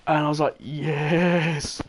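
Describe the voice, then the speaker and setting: A man's voice: mid-range voice, animated, moderate pace, slight background noise. A man giving casual, rambling gameplay commentary, tired and yawning, with enthusiastic, playful asides. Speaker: gaming video host.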